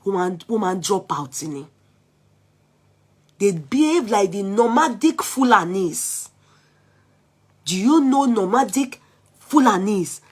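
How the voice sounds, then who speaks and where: This middle-aged vlog host with a Nigerian Yoruba accent fields calls in casual commentary, switching languages with animated exclamations. Her medium-pitched, slightly rough voice takes things slowly and pauses often.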